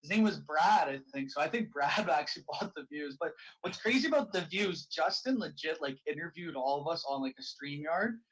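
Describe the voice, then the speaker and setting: A man's voice: fairly high pitch, animated, fairly quick, hardly any pauses, fairly bright tone, slight background noise, low-quality recording. A man co-hosting a casual podcast chat, rambling with many fillers and restarts. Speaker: podcast co-host.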